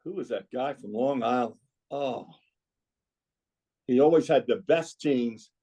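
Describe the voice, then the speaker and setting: A man's voice: medium pitch, unhurried, warm tone. A man, a former club basketball coach, telling rambling stories in a casual podcast conversation. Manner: rambling, reminiscing storyteller.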